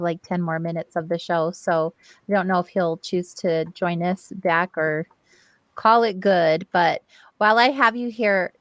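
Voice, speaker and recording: A woman's voice: medium pitch, a bit bright, no echo. A woman hosting a casual interview, her voice sitting in the middle of the range. The recording is dry and close, with no room sound. She asks her questions in a friendly, easygoing way. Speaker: host.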